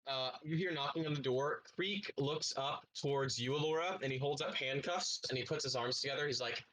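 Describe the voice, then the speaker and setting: Man, game master, casual tabletop narration, mid pitch. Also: brisk, few pauses, poor audio. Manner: relaxed, casual narration with fillers.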